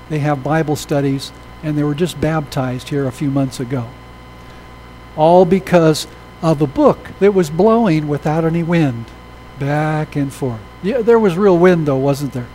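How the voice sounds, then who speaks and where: A man preaching a sermon, telling stories with animated delivery and acting out the people in them. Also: on the high side, a little hiss or hum, low-quality recording. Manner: animated, acts out quoted voices in stories. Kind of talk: sermon storytelling.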